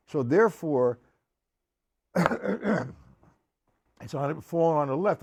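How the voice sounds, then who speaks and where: Taking it slowly with long pauses, a man with an expressive, higher-pitched voice speaks over music as he runs a live-streamed drum lesson. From his indoor drum studio he counts beats and names his students into a live stream mic, drums playing in the background.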